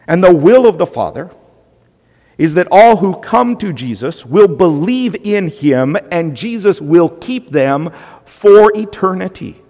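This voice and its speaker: A man's voice: high-pitched, sing-song, measured pace, a little mellow, in a large hall. A man preaching a sermon as pastor, emphatic and conversational, with asides to the congregation.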